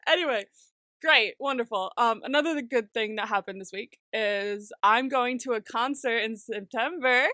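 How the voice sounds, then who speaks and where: A young adult woman co-hosting a podcast in casual chat, excitable, swearing freely and laughing often. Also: a little high, moderate pace, hardly any pauses, dry recording, studio quality. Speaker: podcast co-host.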